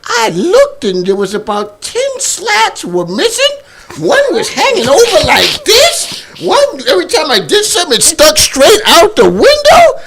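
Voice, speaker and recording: A male host carries a casual talk show with playful banter. His voice sits high and swings widely in pitch as he jokes and laughs with his guests. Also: wildly swooping pitch, moderate pace, vocal fry, a bit bright. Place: church basement studio.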